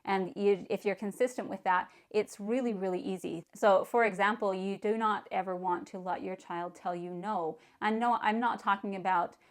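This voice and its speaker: A woman's voice: mid-range voice, fairly even intonation, moderate pace, few pauses. A middle-aged woman giving parenting advice in a casual, earnest talk, repeating words and leaning on "you know". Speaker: parenting vlogger.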